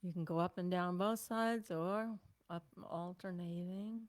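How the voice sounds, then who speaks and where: An older woman leading a self-care class, giving gentle, unhurried instructions with sighs and breathing cues. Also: lowish voice, fairly even intonation, no echo. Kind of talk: guided self-massage class.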